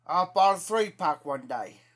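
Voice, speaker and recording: A man's voice: sits high, lively intonation, measured pace, fairly bright tone. A man with an Ohio accent telling a rambling, profane story to his live-stream chat in a casual way. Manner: rambling, profane, repeats himself.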